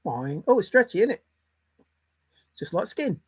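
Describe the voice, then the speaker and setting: A man's voice: high voice, big pitch swings, measured pace, husky, no echo. A man, musing aloud on his own in a playful, rambling way, jumping between silly word associations.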